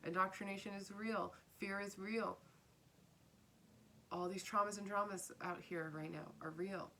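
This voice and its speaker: A woman's voice: mid-range voice, steady tone, a little slow, sharp tone, slight background noise. A woman giving a casual spiritual tarot reading, earnest and repeating her phrases, sometimes dropping to a whisper. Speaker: tarot reader.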